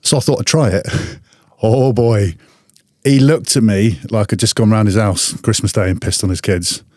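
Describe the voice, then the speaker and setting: A man tells a story in a lively, salty, animated way, as a podcast guest would. His voice sits fairly low. The sound is dry and close, with no room around it. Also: moderate pace, no room sound. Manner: animated anecdote-teller, swears freely. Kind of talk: casual storytelling.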